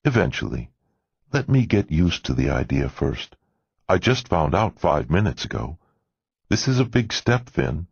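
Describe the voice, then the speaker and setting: A man voicing an anxious young woman in an audiobook, speaking softly and hesitantly. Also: low voice, very animated, a little slow, vocal fry, husky, no room sound, lo-fi sound, exaggerated voice. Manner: hesitant, soft.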